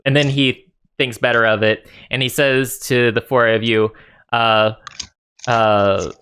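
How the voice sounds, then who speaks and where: A man narrating as dungeon master in a tabletop game, relaxed with many fillers. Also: mid-range voice, takes it slowly, smooth.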